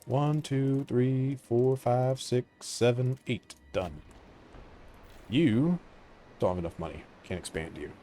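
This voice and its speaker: A man giving casual commentary on a strategy game, mumbling to himself and trailing off into quiet asides. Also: mid-range voice, slow pace, faint music behind. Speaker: gaming channel host.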